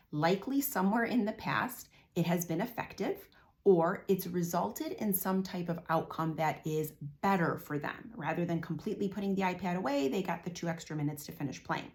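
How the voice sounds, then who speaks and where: A woman in her forties speaks as a parenting coach with a fairly low voice. She explains things calmly and now and then acts out little exchanges between parent and child. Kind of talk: direct-to-camera parenting advice.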